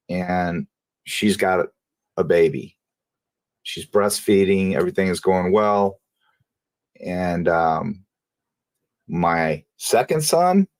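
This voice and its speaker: A man speaks as an interview guest, telling a personal story casually and haltingly, with frequent restarts. His voice sits a little low. The sound is dry, with no room echo. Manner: halting, repeats and restarts phrases.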